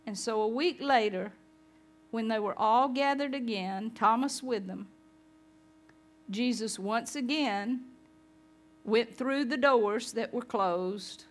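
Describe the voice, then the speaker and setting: A woman's voice: fairly high pitch, takes it slowly, long pauses. A woman pastor giving a conversational sermon, chatting with her congregation.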